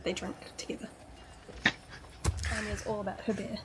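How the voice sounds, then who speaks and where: A woman's voice: mid-range voice, level tone, moderate pace, background noise. Giggly woman at a game table. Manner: giggly, playful. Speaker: player. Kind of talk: casual tabletop play.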